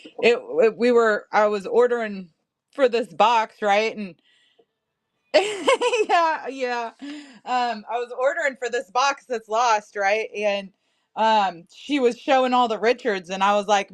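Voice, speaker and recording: A woman's voice: mid-range voice, a little slow. A woman in her thirties selling crystals on a livestream, chatting casually and laughing often. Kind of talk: casual live-sale chat.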